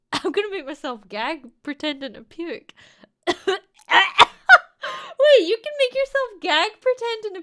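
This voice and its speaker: A young woman with a Scottish accent chatting casually on a livestream, playful and giggly, swearing freely. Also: very high-pitched. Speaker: streamer.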